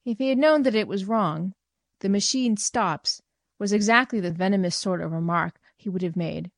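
A woman reading a short story aloud in measured, clear scripted narration. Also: mid-range voice, dry recording, clean studio sound. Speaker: reader.

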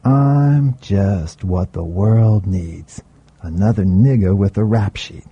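A man's voice: on the low side, slow, warm tone, husky, muffled recording, exaggerated voice. A man voicing a graying, streetwise older man who talks in a laid-back, teasing drawl. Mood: steady.

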